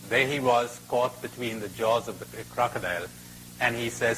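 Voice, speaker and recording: A man's voice: mid-range voice, slight background noise, low-quality recording. Man telling a spiritual parable. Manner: expressive, dramatic pauses. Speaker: spiritual speaker. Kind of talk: storytelling spiritual talk.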